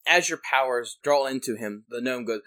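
A woman narrating a tabletop game as game master, measured and descriptive. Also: a bass voice, a bit bright.

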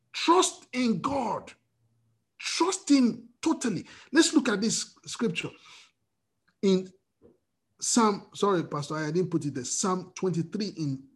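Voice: mid-range voice, slightly rough. A preacher giving an emotional, fervent sermon, often restarting phrases.

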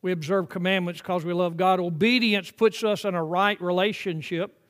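High-voiced older preacher, emphatic swells. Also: male voice, steady tone. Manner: emphatic preaching that swells to loud peaks, then drops to quiet, drawn-out phrases. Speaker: pastor. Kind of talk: sermon. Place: church sanctuary.

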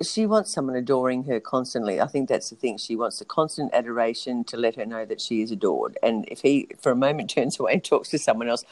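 A woman's voice: extremely low pitch, fast talker, few pauses, darkish tone, no echo. A woman co-hosting a podcast, chatting casually about a reality show, laughing and filling her talk with ums and you-knows. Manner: chatty, laughing, full of fillers. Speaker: podcast co-host.

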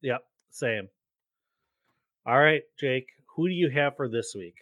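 A man's voice: mid-range voice, lively intonation, measured pace, a bit bright, no room sound. A man co-hosting a podcast, talking through picks and stats in casual chat. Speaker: podcast co-host. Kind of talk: casual sports betting chat.

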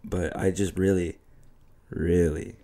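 Male podcast co-host, very low voice, relaxed slangy chat with frequent laughs. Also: takes it slowly. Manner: laid-back, laughing, slangy. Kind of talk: casual chat.

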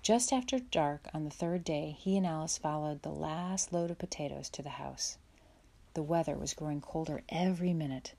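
A woman reading a children's chapter book aloud in a gentle, measured storytelling way. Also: low voice, vocal fry. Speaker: audiobook reader. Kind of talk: storybook read-aloud narration.

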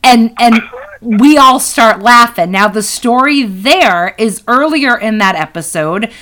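A woman co-host with a high voice tells stories in loose, casual chat, laughing often and swearing freely. Her tone is very bright and her stories are lively. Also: slow, rough recording. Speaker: podcast co-host.

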